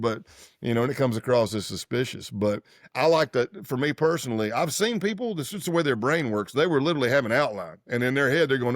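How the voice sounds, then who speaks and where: In a brisk, medium-pitched voice recorded with studio quality and no room sound, a man in his fifties tells stories from his past as an undercover agent during an interview. His speech is loose, rambling and self-correcting, and he acts out quoted dialogue in lively, varied voices.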